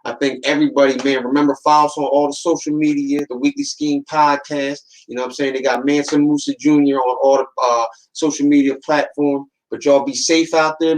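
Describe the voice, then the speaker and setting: A man's voice: a little high, rough recording. A man hosting a podcast in a casual monologue, speaking in slangy, streetwise talk and warning his listeners with a repeated "man" and "watch". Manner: slangy, streetwise storytelling that acts out quoted voices. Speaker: podcast host.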